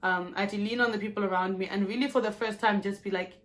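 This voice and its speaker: A South African woman in her twenties, talking frankly and with profanity in a candid personal vlog, telling her story in an animated way. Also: medium pitch, fast. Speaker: YouTuber.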